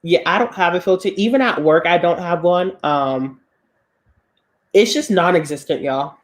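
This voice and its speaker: A woman's voice: lowish voice, normal speed. A woman from Boston with a Boston accent and a slight Southern drawl, co-hosting a casual chat and telling candid stories, acting out other people's lines as she goes. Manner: candid, animated storyteller acting out quoted voices. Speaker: podcast co-host.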